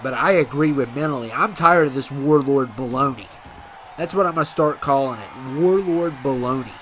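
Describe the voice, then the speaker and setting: A man's voice: mid-range voice, normal speed, fairly bright tone, a little hiss or hum. A man giving casual, rambling commentary on a video game wrestling series, often correcting himself as he goes. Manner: rambling, self-correcting, laid-back.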